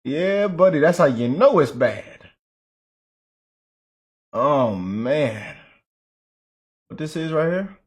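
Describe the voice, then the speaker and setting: A man hosting a casual reaction video, chatty and animated. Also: fairly high pitch, slow pace, long pauses. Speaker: reaction host.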